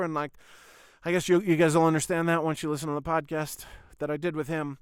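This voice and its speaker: A man's voice: fairly high pitch, little pitch movement, fast, clear, resonant tone, dry recording, clean studio sound. Rambling, sweary podcast host man. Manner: rambling, sweary, full of "like" and "I was like" retellings. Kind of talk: casual storytelling monologue.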